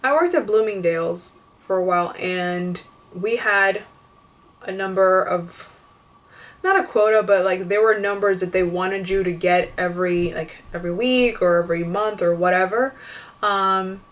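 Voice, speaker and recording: A young woman vlogger rants casually to camera in a mid-range voice at normal speed, recorded from a distant mic. She sounds exasperated, swears, and fills her speech with lots of "like".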